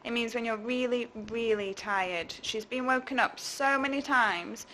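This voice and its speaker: A woman teacher reads a picture book to young children, stopping now and then to ask them questions. Her voice is bright, with a slightly high pitch. She takes each line slowly and expressively. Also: a little hiss or hum. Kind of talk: reading a storybook to children.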